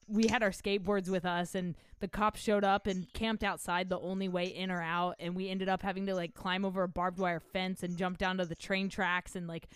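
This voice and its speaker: A man hosting a podcast talks in a relaxed, rambling way and says "like" constantly. His voice is smooth and clear at a middle pitch. The sound is dry and close, with no room around it. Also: no echo. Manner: laid-back, says "like" constantly. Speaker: podcast host, urban explorer. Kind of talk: casual chat.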